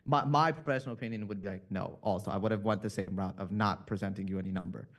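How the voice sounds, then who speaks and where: A man judging a sales call, giving casual, relaxed feedback over a video call. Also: lowish voice, quick pace. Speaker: judge in a sales competition.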